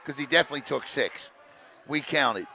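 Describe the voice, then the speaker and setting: A man calling a high school basketball game play by play, excitable on big plays and joking between them. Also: normal speed, a little hiss or hum. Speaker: play-by-play announcer. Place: gym broadcast position.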